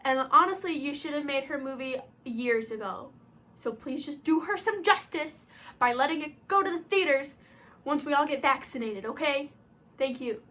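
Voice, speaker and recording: Excitable high-voiced young woman vlogger. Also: moderate pace. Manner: gushing and excitable, at times half-shouting. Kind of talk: casual chat to camera. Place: room at home.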